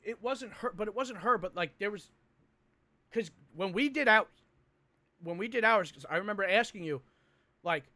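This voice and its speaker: A young man co-hosts a casual podcast with a high, bright and forceful voice. He tells stories in an animated, heavily profane way. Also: normal speed, pauses often. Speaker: podcast co-host.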